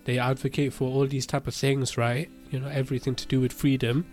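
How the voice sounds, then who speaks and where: A man's voice: medium pitch, level tone, fairly quick, darkish tone, soft background music. A young man, chatting casually as a podcast co-host, peppering lines with tags and frequent laughter. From United Kingdom. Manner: slangy, laughs often, tags lines with innit. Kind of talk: casual chat.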